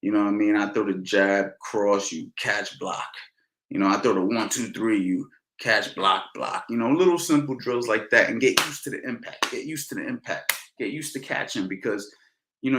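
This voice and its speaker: A man coaching boxing in a casual question-and-answer session, talking in a relaxed way and often adding "you know" and "man". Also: fairly low pitch, moderate pace, roomy sound, noisy background. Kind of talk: casual Q&A instruction.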